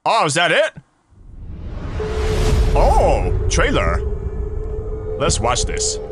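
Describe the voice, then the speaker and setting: A man hosting his gaming channel, talking through a horror game and reacting out loud to it. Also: on the high side, huge pitch swings, drawn-out words, over loud music. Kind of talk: horror game let's play commentary.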